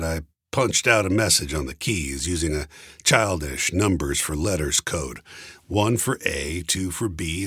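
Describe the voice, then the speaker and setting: A man's voice: sits low, fairly bright tone, breathy edge, no room sound, clean studio sound. A man narrating a story in the first person, with a wry, conversational way of telling it.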